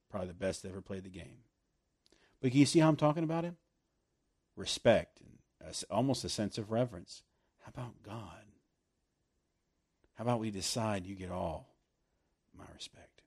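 Husky guy preaching, lively, laughs a lot, drags out the key words. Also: low voice. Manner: animated, laughing, slowing down to stress scripture. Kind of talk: sermon.

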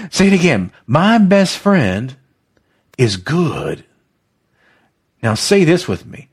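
A man with a husky voice preaches slowly and deliberately, with a lively, swooping pitch. He is exuberant and emotional, and he leads his listeners in call-and-response repetition. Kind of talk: devotional teaching, podcast-style.

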